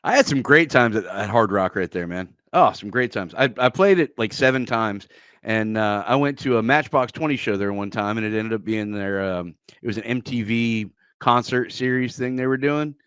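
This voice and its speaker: A man's voice: on the low side, moderate pace, fairly bright tone, smooth, dry recording. A man co-hosting a podcast, chatting casually and chiming in with short agreements and his own music memories. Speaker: co-host, former backing singer.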